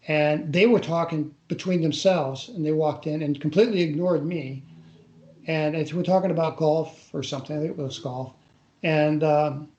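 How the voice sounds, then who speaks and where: An older man recounting a personal story in a radio interview, in a halting way that often repeats words as he recalls. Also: on the high side, darkish tone. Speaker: interview guest. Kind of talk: casual first-person storytelling. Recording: roomy echo on a radio interview.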